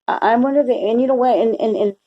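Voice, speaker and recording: A woman's voice: a little high, fast talker, dull audio. A middle-aged woman vlogging a personal faith testimony, rambling and emotional with many restarts. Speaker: Christian vlogger.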